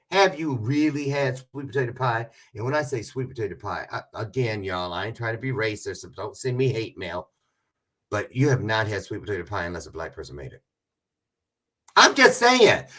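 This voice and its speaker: Man livestream host, chatty and teasing, very animated pitch, mid voice. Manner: chatty, joking, rambling with self-aware asides. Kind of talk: casual livestream chat with viewers.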